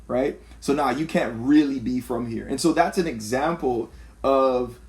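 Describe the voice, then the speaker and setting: A man from Canada, a pastor, in a relaxed church conversation. He tells stories with energy and acts out the voices of the people he quotes. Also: mid-range voice, a little slow. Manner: animated storyteller, acts out quotes.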